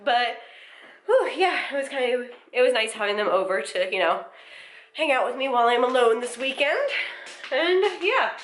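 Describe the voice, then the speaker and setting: A woman's voice: a little high, a little fast, fairly bright tone, roomy sound. A woman chatting casually to the camera in a daily home vlog, a bit out of breath, rambling and laughing often. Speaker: vlogger. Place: home, indoors. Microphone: handheld vlogging camera.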